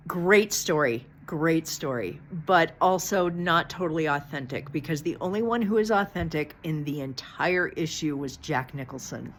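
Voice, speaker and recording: A woman's voice: sits low, moderate pace, few pauses. A middle-aged woman talking in a casual, rambling monologue, frank and chatty with some swearing. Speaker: channel host.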